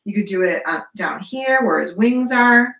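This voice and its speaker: A woman's voice: mid-range voice, expressive, moderate pace, fairly bright tone, reverberant, distant mic. A woman art teacher leading a live online class, chatty and encouraging with casual fillers.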